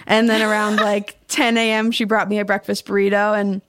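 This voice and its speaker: A woman's voice: mid-range voice, little pitch movement, brisk, a bit bright. A woman in her thirties, a guest telling a self-deprecating story with giggles in casual chat.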